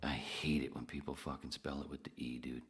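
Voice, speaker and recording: A man's voice: a bass voice, flat delivery, a little fast. A man hosting a podcast alone, rambling and swearing while he answers chat comments. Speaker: podcast host. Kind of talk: casual solo livestream chat.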